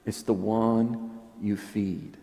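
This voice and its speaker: A priest giving an earnest, reflective sermon, often dropping to soft, quiet tones. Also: male voice, lowish voice, flat delivery, extremely slow. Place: church. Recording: long church reverb.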